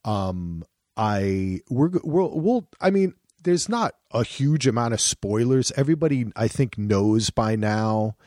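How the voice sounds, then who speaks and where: A man co-hosting a podcast in casual chat, animated and profane, with frequent restarts. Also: mid-range voice, a little slow, dry recording, studio quality. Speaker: podcast co-host.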